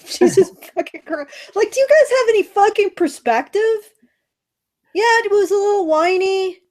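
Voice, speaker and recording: A woman's voice: extremely high pitch, normal speed, a little mellow. A woman co-hosting a podcast in casual chat, blunt, sarcastic and profane. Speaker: podcast co-host.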